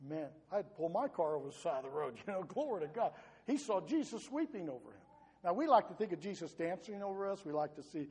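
A man's voice: high-pitched, dark tone, slightly rough, big-room sound. A man preaching a sermon as pastor, earnest, often repeating words as he builds a point.

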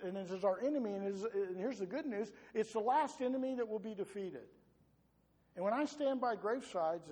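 Earnest high-voiced man preaching in a hall. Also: a little mellow, slightly rough. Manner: earnest, repeats words when building a point. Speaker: pastor. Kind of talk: sermon.

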